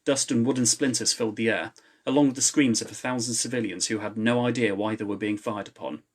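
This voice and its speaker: Speaking quickly in a steady, medium-pitched voice, the author reads his novel on a live stream from home with a laptop. In between sections he chats casually with the people watching.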